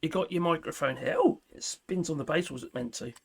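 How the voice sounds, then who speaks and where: A man's voice: a little high, fast talker, vocal fry, breathy edge. A man, reviewing a product as he unboxes it, chatty and self-mocking, talking to himself while he fiddles with things.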